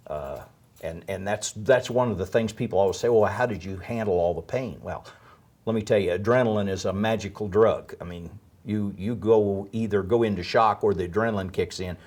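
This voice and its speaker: A man's voice: on the low side, a little fast. A man telling his survival story in an interview, with dry humor and vivid detail. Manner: dry humor, vivid retelling with shouted quotes. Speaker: interview guest, disaster survivor.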